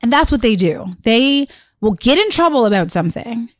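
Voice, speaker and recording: A woman co-hosting a podcast, chatting casually and telling animated stories about her kids. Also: a little high, moderate pace, dry recording. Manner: animated storytelling with quoted voices. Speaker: podcast co-host. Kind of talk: casual chat.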